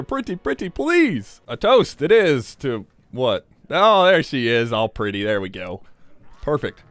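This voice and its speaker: A man hosting a let's play, giving casual, jokey gameplay commentary and swearing freely. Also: fairly high pitch.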